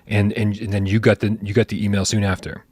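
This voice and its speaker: Guy hosting a chill live show, kinda low voice, jokey, trips over his words a lot, dry close mic. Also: flat delivery, fast, a little mellow, no echo. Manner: playful, teasing, rambling with many restarts. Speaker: podcast host. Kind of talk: casual livestream chat.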